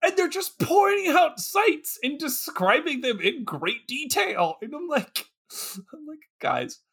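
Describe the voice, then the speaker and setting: A man's voice: extremely high pitch, a little slow. A man co-hosting a casual podcast, mocking a bad movie and acting out its characters with lots of laughter. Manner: excitable, laughing, acts out quotes. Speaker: podcast co-host. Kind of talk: casual movie-riffing chat.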